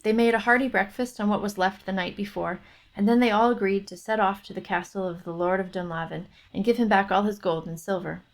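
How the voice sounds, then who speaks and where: Woman, book club stream, reading aloud, steady storytelling. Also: mid-range voice, fairly quick.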